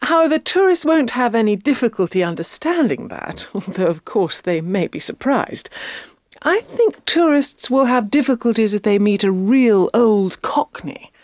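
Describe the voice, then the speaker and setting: A woman's voice: on the high side, very animated, moderate pace, a little mellow, no echo. Female panelist, explanatory and good-humoured, dry studio sound. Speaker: panel member. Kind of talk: scripted panel discussion.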